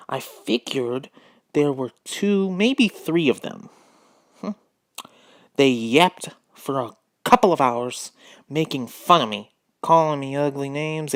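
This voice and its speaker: A man with a medium-pitched voice reads a children's book aloud at home, using a drawl for the dog narrator and stopping to poke fun at the text. The recording is studio quality with no echo.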